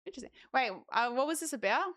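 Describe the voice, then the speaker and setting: Young Australian woman, streamer, casual chat, slightly high pitch, smooth clear voice. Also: rapid-fire, no room sound, clean studio sound. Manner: chatty, animated asides. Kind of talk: casual chat reading viewer messages.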